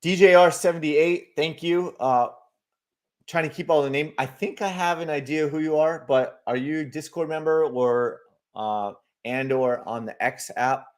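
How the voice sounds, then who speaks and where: Speaking at a normal speed in a voice on the high side, a man runs a live market stream where he loosely guesses at chart moves. He chats, reads viewers' comments out loud and answers them, with many fillers.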